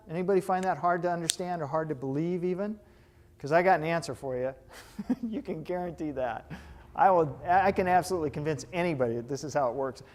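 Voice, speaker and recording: A man with a somewhat high voice lectures a live class as a hypnotherapy instructor. He talks in a lively way, slips in joking asides and keeps asking his listeners questions.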